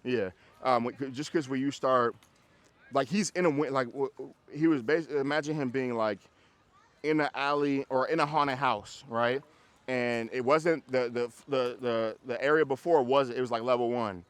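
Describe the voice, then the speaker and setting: A man working as a dog trainer, coaching casually outdoors on a walk, animated and often repeating himself as he acts out little scenes. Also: medium pitch, moderate pace, clear, resonant tone, dry recording.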